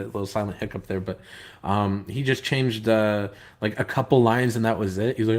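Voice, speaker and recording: A man's voice: fairly low pitch, steady tone, a little fast. Rambling man griping on a live stream. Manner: rambling and hesitant, full of filler words; aggrieved, complaining. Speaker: comic book writer and live stream host. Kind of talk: casual live stream chat, reading viewer comments.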